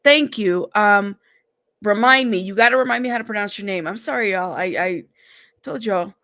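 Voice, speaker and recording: A woman's voice: mid-range voice, normal speed, fairly bright tone, no echo. A woman hosting a casual livestream, chatty and greeting viewers one by one by name, whose first language is Spanish. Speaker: livestream host.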